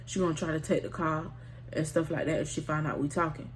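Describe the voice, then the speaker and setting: A woman voicing a smooth-talking young man, a lying boyfriend brushing things off with quick excuses. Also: low voice, fairly even intonation, lightly acted. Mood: evasive.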